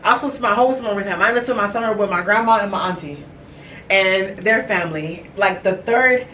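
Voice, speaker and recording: A woman in her thirties speaks candidly and haltingly, stopping and restarting as she tells a personal family story. She sits some distance from the mic in an echoey room, with a faint hiss underneath. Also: medium pitch, a bit bright. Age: 30s. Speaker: podcast host.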